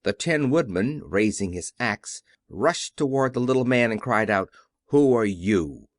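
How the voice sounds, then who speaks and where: A man narrating a classic children's story as an audiobook with expressive storytelling. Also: mid-range voice, moderate pace, no echo, studio quality. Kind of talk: scripted narration.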